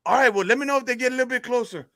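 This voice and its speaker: A man voicing an easygoing Cajun man on horseback, with a Louisiana Cajun accent and a high, drawling delivery. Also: rapid-fire, a bit bright, no echo, clean studio sound. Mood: calm.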